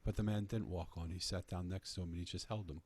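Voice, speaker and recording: A man's voice: low voice, fairly even intonation, fast talker, darkish tone, breathy edge. A man earnestly telling a personal story in conversation, often restarting his phrases. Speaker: podcast guest telling a story.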